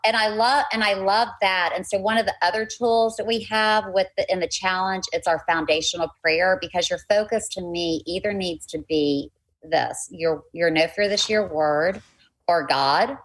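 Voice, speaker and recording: A woman's voice: on the low side, moderate pace, a bit bright, rough recording. A woman life coach talking earnestly in a casual conversation, chatty and faith-filled, often restarting her sentences.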